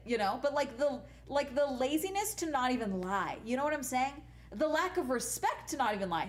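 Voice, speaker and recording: A young adult woman streamer and teacher chatting casually, rambling and swearing with lots of "like" and "you know", laughing often. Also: sits high. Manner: laughs often mid-sentence. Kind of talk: casual chat.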